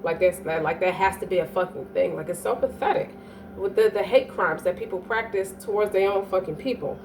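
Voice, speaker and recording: A woman's voice: on the low side, a little fast, a little mellow. Woman, astrology reader, emphatic, profane, distant mic, faint background noise. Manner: profane, emphatic, keeps asking "you dig?". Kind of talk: casual monologue reading.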